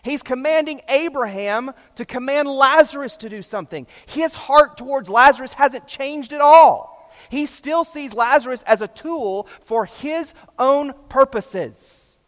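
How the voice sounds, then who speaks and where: Passionate preacher in an echoing hall. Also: male voice, very high-pitched, animated, unhurried. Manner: passionate, emphatic, swings between loud and hushed. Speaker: pastor. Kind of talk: sermon.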